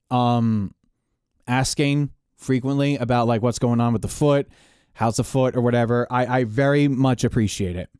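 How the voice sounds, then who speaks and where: A man's voice: mid-range voice, warm tone, clear, resonant tone, dry recording, clean studio sound. A man, a live sound engineer, chatting casually to his viewers while he mixes, rambling with many fillers and restarts.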